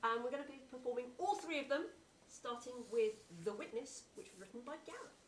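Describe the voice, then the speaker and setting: A woman's voice: high voice, expressive, fairly quick, echoey room, a little hiss or hum. A woman host introducing comedy sketches on a live theatre stage.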